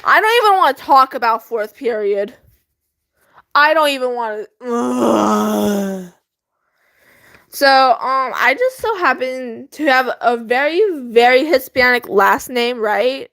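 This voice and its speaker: A woman's voice: on the high side, animated, slow, vocal fry, a bit bright, no room sound. Giggly teen girl rambling about school. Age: teens. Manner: rambling, giggly, lots of fillers. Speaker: student vlogger. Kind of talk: casual chat. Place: bedroom at home.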